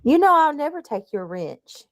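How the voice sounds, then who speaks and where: A woman's voice: high voice, sing-song, normal speed. A woman hosting a livestream, chatting casually and reading out her viewers' comments as she greets them. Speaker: livestream host.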